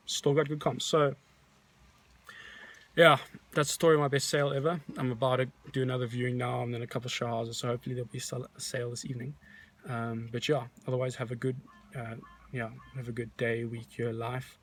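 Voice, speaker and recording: A real estate agent with a medium-pitched voice tells a story briskly and casually in a vlog. His animated retelling rambles along with many restarts.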